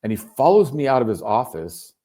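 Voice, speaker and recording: A man telling his story as a guest in a casual chat, animated and swearing freely. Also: mid-range voice, brisk. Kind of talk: casual video call chat. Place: home in Berlin.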